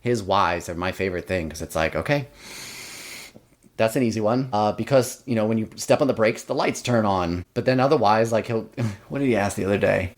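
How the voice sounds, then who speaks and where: Podcast guest, young man, low voice, rambling casual talker who acts out family quotes. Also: a little fast. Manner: rambling, many fillers and restarts, quotes his family in lively voices. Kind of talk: casual interview chat.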